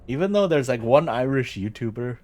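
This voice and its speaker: A man's voice: medium pitch, lively intonation, a little fast, a little mellow. A man streaming a game, chatting casually and thinking aloud in a rambling way.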